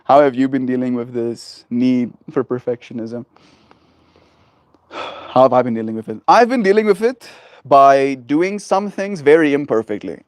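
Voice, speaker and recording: Male livestreamer, casual porch chat, rambling and gentle, dry close sound. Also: medium pitch, moderate pace, no room sound. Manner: rambling and gentle, heavy on fillers. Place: outdoors on a porch.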